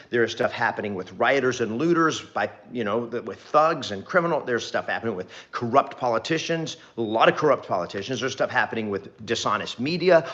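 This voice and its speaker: A man's voice: mid-range voice, a bit bright, muffled recording. Earnest man giving a rambling pep talk. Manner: earnest, rambling, repeats phrases for emphasis. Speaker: real estate trainer. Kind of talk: direct-to-camera motivational talk.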